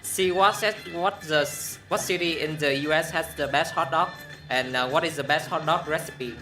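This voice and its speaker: A man who is not a native English speaker reads viewer questions aloud on a livestream, haltingly and with fillers. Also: on the high side, music in the background. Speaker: stream co-host reading comments.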